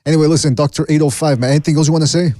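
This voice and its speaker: Male podcast host, rapid easygoing delivery, dry close sound. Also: fairly high pitch, steady tone, dark tone, no room sound. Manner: quick, easygoing. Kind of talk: casual chat.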